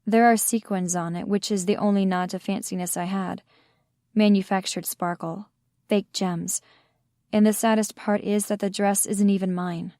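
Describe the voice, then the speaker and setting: A woman tells a first-person story in a measured, intimate reading voice. Her pitch sits in the middle of the range. The recording is dry and close, with no room echo. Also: steady tone, warm tone. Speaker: audiobook narrator. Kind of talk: first-person audiobook narration.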